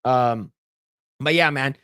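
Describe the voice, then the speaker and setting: A medium-pitched, slightly bright, clear, and resonant male voice moves at a slow pace, recorded in a clean studio with no room sound. He's a podcast co-host casually spinning a rambling gaming tale, laughing frequently and using lots of fillers.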